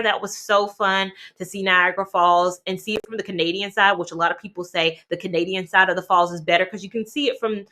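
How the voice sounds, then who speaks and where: A woman from North Carolina chatting casually to camera as a travel vlogger, animated and talking straight to her viewers. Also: medium pitch, a little fast, few pauses. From North Carolina, USA.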